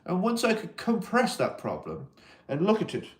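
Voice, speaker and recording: Playing an alien persona addressing humans, a livestream host talks casually about mental health, reading out viewer comments and rambling through his replies. Viewers ask about his accent, which can't be placed. His high voice swoops wildly in pitch at normal speed.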